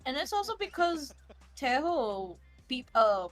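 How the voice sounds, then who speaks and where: Woman co-watcher, a bit high-voiced; tense exclamations, easy giggles, casual chat. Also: big pitch swings, unhurried, fairly bright tone, soft background music. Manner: nervous exclamations, lots of laughing. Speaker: co-streamer.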